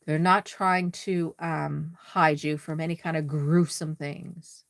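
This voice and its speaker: Brief: woman host, Nova Scotian accent, unhurried friendly livestream chat, dry close sound. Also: sits low, steady tone, vocal fry, dry recording. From Nova Scotia, Canada. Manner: chatty and friendly, laughs often. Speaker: doll-crafting livestream host. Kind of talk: casual livestream chat, reading viewer comments.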